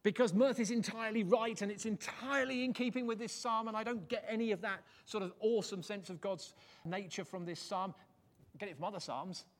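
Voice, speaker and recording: A male preacher, delivering a sermon in church. His voice sits high for a man, and he swings his pitch and loudness widely to drive points home. The delivery is animated and jokey. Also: fairly quick.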